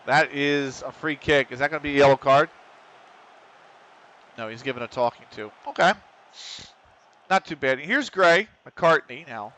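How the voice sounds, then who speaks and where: A man calling a football management game live on stream, excitable and quick to swear. He talks straight to the players on screen. His voice sounds bright and forceful. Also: medium pitch.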